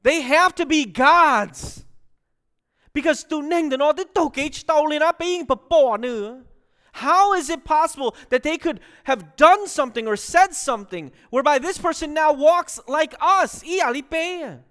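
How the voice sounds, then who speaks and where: High-voiced animated man preaching. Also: measured pace. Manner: animated, acts out quoted voices, mixes English with another language. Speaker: pastor. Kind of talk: sermon.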